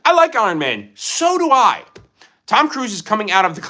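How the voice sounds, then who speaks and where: Bright, animated man streaming live. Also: sits high, brisk. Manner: animated, jokey, reacts to chat questions. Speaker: livestreamer reading chat. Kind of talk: casual livestream chat. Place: room at home with collectible figures.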